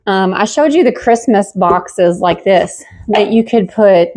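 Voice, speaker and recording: A woman's voice: medium pitch, a little slow, darkish tone. Chatty woman hosting a pottery haul vlog. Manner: chatty, homey, many fillers. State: a bit out of breath. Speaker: pottery channel host.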